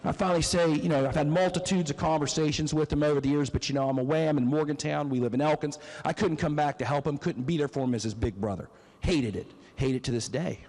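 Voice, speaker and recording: A man's voice: on the high side, fast talker, hardly any pauses, darkish tone. A middle-aged man, giving an emotional, emphatic floor speech as a state legislator and telling a personal story. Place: legislative chamber. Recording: long reverb of a legislative chamber.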